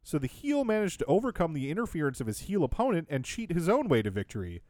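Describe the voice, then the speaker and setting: A man's voice: on the high side, big pitch swings, fast, a little mellow, no echo, studio quality. A man co-hosting a podcast, recapping in casual chat with a sarcastic, wry tone and frequent laughs. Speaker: podcast co-host.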